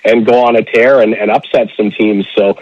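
A man's voice: fairly low pitch, steady tone, normal speed, no echo, lo-fi sound. A man chatting casually on a radio show as a guest play-by-play announcer, easygoing, with many fillers and laughs.

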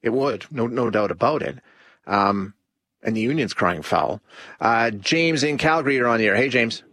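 A man's voice: mid-range voice, expressive, normal speed, fairly bright tone, no echo. A man hosting a call-in talk radio show, rambling with many restarts and fillers. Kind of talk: casual talk radio commentary.

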